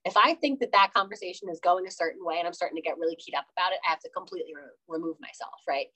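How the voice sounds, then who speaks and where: Animated young woman, casual interview guest. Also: on the low side, rapid-fire, low-quality recording. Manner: animated, laughs often, acts out quoted exchanges.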